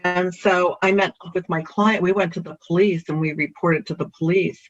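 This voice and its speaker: A realtor telling a personal story in an animated way, the pitch jumping up for emphasis. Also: normal speed. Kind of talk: personal anecdote. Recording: dull lo-fi recording.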